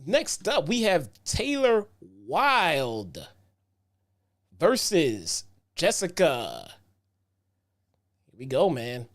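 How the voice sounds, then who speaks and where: A man's voice: fairly high pitch, huge pitch swings, drawn-out words, pauses often. A man hosting a casual wrestling review show. He recaps matches in a loose, chatty way, repeating himself and dropping "um" and "man" often. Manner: laid-back, frequent "um" and "man", repeats himself.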